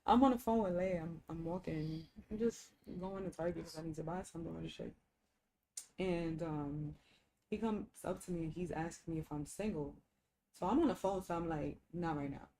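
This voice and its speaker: Loud animated woman retelling a street argument. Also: fairly low pitch, moderate pace, rough recording. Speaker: podcast co-host. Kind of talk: casual drunk chat.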